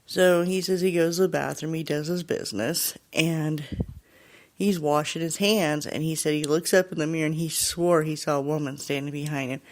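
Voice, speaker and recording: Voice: medium pitch, fairly even intonation, moderate pace. A podcast host retelling a story in a casual, chatty way, laughing often and restarting phrases.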